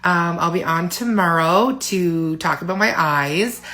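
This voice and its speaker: Tired woman in her 40s, home vlogger, rambling and candid, slightly low voice. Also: unhurried, bright, forceful tone. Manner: rambling, filler-heavy, candid. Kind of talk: casual personal vlog.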